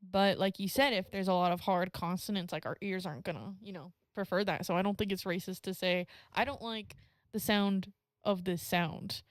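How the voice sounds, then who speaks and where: Brief: young woman guest, mid pitch, filler-heavy hesitant talk, dry close mic. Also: steady tone, normal speed, dry recording. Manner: hesitant, many fillers like "like", trails off. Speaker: podcast guest. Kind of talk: casual chat.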